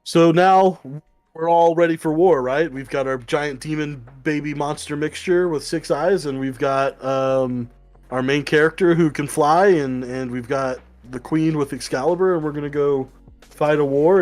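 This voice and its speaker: A man co-hosting a casual podcast, talking through a comic book review in a rambling, excited way and swearing casually. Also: fairly high pitch, moderate pace, faint music behind. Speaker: podcast co-host.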